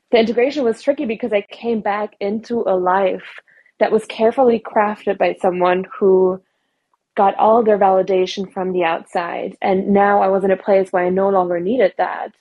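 Woman guest, 30s, earnest reflective storyteller, husky voice, dull audio. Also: mid-range voice. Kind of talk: personal story in a podcast interview.

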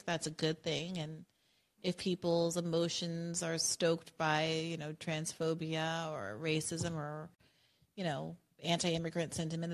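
A woman hosting a podcast in casual chat, thinking aloud in a reflective way and laughing easily. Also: fairly low pitch. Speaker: podcast host.

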